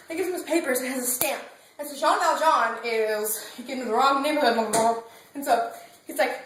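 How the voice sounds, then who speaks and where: A woman giving a casual, animated plot recap and acting out the characters' lines. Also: high-pitched, brisk, slight background noise. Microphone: phone. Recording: echoey room, far from phone mic.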